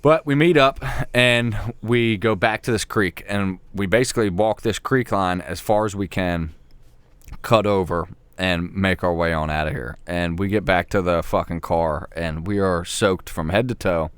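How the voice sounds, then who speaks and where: Profane, animated storyteller guy. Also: low-pitched, normal speed, smooth, no echo. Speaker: podcast co-host. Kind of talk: casual storytelling chat.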